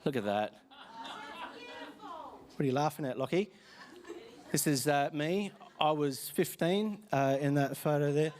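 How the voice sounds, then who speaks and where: Male pastor, middle-aged, relaxed joking sermon, asks the room questions, slightly higher voice. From Australia. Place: church hall with congregation.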